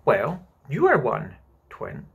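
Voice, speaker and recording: A man's voice: medium pitch, wildly swooping pitch, takes it slowly, creaky, husky, muffled recording, full character voice. A man voicing a motherly young girl telling a bedtime story, coaxing and patient, sighing at interruptions. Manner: gently coaxing, sighs at interruptions.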